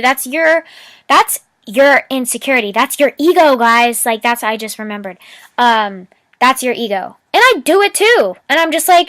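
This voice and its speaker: A young woman chats through a casual motivational vlog, her voice a little high, fairly bright and unhurried, with no echo. She rambles and giggles as she hands out upbeat life advice, packing her talk with "like" and "you know."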